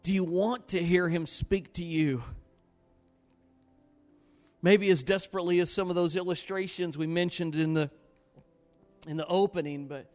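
Man, preacher, high voice, animated, loud then hushed, sermon storytelling. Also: moderate pace, pauses often, big-room sound, soft background music. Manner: animated, swings from loud bursts to low earnest pleas.

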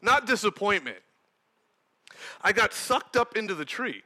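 A young man preaching, telling a personal testimony in an animated, storytelling manner that breaks into shouting. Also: high voice, unhurried. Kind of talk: sermon testimony.

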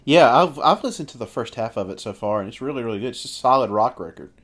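A man co-hosting a casual music podcast, talking in a relaxed way with many fillers. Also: mid-range voice, fast talker. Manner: relaxed, filler-heavy sign-off talk. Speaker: podcast co-host.

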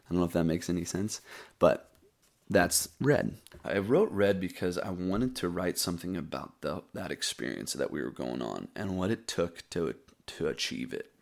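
A man's voice: deep voice, animated, normal speed, vocal fry. A man hosting his own show, telling a rambling, laid-back story in casual chat and breaking down a poem he wrote. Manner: rambling, laid-back storyteller who calls listeners buddy and dude. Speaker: podcast host. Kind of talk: casual storytelling and poetry reading.

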